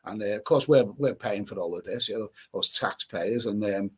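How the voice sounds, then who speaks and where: A man hosting a livestream, reading out viewer comments in casual, rambling chat full of halting restarts and sarcastic asides. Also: on the low side, slightly rough.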